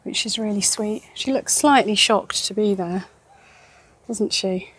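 A woman's voice: medium pitch, measured pace, a bit bright, husky. A woman co-hosting a podcast, chatting casually and joking as she points out sights from a car. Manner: chatty, jokey, exclaiming at sights. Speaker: podcast co-host. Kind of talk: casual chat on a drive.

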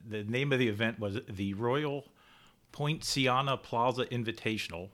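A man acting as quizmaster on a casual podcast, reading questions steadily and announcing answers crisply. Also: medium pitch, moderate pace, a bit bright.

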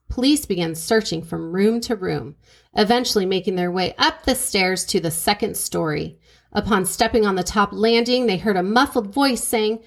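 A woman co-hosting a podcast, reading out a true crime case in a measured, dramatic way. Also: mid-range voice. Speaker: podcast co-host.

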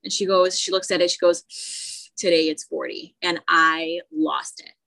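Bright-toned woman telling a story. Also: on the low side, normal speed, rough recording. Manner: animated storytelling with many restarts. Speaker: podcast co-host. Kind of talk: casual chat.

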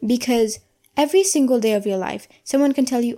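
A woman's voice: a little high, dark tone. Earnest young woman hosting a podcast. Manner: earnest and reflective, slowing down to stress key phrases. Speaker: podcast host. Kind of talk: casual solo podcast monologue.

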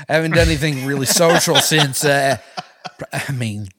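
A man impersonating a folksy older male former president who speaks softly and haltingly. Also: medium pitch. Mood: bashful. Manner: soft, halting, chuckling.

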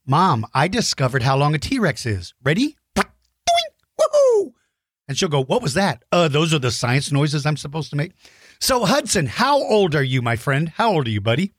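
A woman's voice: deep voice, big pitch swings, normal speed, dry recording, clean studio sound. A woman hosting a playful chat with a child over a video call, joking and teasing with silly sound effects. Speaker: host.

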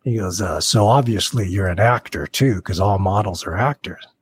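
A man being interviewed as a guest actor, telling anecdotes in a casual, animated way and acting out the people he quotes. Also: low voice, moderate pace, a little hiss or hum. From Portland, Oregon.

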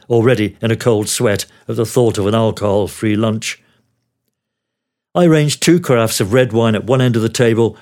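A man's voice: fairly low pitch, a little mellow. Older man narrating with wry dry humor. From Australia. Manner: wry, dryly humorous storytelling. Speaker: former TV news producer. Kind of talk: memoir read aloud as narration.

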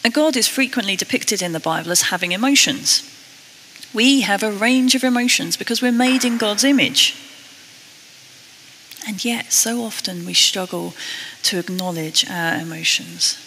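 A British woman preaching a sermon, earnest and a little self-deprecating, slowing down to read scripture. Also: medium pitch, bright, forceful tone, long reverb tail, a little hiss or hum, poor audio. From Britain.

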